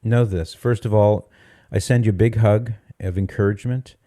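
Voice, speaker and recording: A man's voice: lowish voice, steady tone, normal speed, dark tone, dry recording, studio quality. A man hosting a call-in radio show, speaking to a caller in a reassuring, encouraging way. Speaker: radio host.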